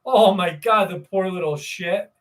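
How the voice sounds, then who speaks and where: A man's voice: high-pitched, a little slow, a bit bright, far from the mic. A man hosting a live stream, rambling casually, swearing freely and greeting viewers in the chat. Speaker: livestream host.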